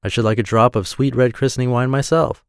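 A squeaky, fretful little storybook mouse, as a man puts her on, her voice lifted well above his own and full of wondering questions. She sounds small and trusting. The recording is dry and close. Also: fairly even intonation, fast, vocal fry, clear, resonant tone, dry recording, close to an everyday voice. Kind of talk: storybook reading.

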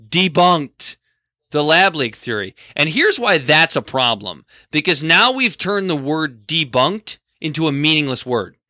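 A man co-hosting a casual talk podcast, his voice very bright and a touch high, with wide animated swings in pitch. He speaks in exasperated, fast bursts. The sound is dry and close. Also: no echo. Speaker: podcast co-host. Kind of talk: casual political chat.

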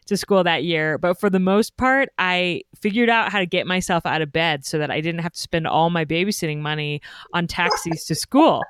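A woman hosting a podcast, telling a childhood story in a lively way and laughing often. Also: lowish voice, moderate pace, clear, resonant tone, no room sound, studio quality. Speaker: podcast host. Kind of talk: podcast conversation.

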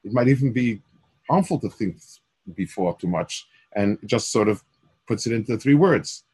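A man's voice: fairly low pitch, expressive, normal speed, darkish tone, breathy edge. An older man teaching a Torah class, mixing Hebrew phrases into English with frequent restarts.

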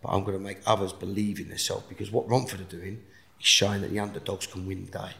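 A man speaking as a podcast guest, earnest and forceful as he talks about helping others. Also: low voice, level tone, quick pace, vocal fry. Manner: earnest, forceful motivational talk. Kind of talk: casual interview chat. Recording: roomy echo.

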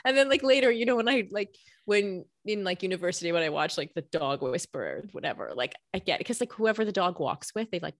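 Woman podcast co-host, lively storyteller, laughs a lot, dry sound. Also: fairly low pitch, fast talker, no echo. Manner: chatty storytelling, laughs often. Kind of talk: casual chat.

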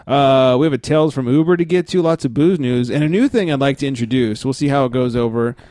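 A man's voice: medium pitch, fast, warm tone, no echo, clean studio sound. A man hosting a casual beer podcast, laid-back and rambling, laughing often as he talks. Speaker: podcast host.

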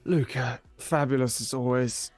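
Smooth-talking man role-playing. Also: medium pitch, steady tone, unhurried, a little mellow, soft background music. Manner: playfully charming, smooth-talking. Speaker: player. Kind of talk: in-character role-play.

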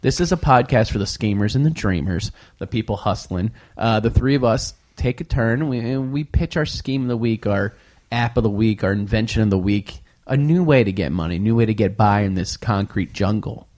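A man hosting a podcast, chatting casually and telling profane, lively stories. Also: on the low side, normal speed. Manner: profane, animated storyteller. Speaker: podcast host. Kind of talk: casual banter.

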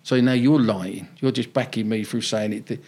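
A man's voice: on the low side, steady tone, normal speed, darkish tone. An older man with a South London accent, telling his story bluntly and animatedly in a podcast interview. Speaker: football manager guest.

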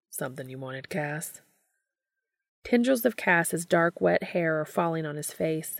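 A woman giving a steady, scripted narration of a romance story. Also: lowish voice, gravelly, no echo, studio quality.

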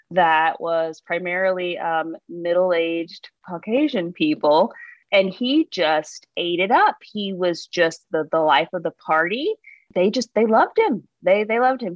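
A young adult woman, an interviewee recounting a personal story, animated as she retells it. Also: on the low side, no echo. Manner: animated retelling, voices her own past words. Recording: dull lo-fi sound.

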